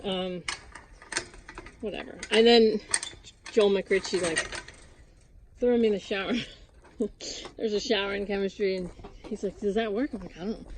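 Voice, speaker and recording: A woman's voice: medium pitch, fairly even intonation, normal speed, pauses often, a little hiss or hum. A woman vlogger telling a rambling casual story with many restarts and asides while she does chores outdoors on a farm. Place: outdoors at a farm with goats and chickens.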